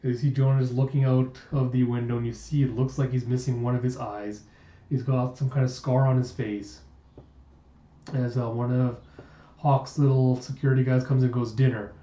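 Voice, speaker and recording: A man's voice: mid-range voice, little pitch movement, normal speed, mellow. A man casually reading a comic aloud, narrating the scenes and chuckling along the way. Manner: chatty, laughs at the story, frequent restarts. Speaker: comic reader. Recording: roomy, dull lo-fi sound.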